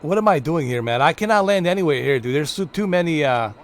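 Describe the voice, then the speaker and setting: A man's voice: on the high side, animated, fast talker. A young man casually commenting on his own live gameplay stream, joking, swearing and narrating in a mock-dramatic way.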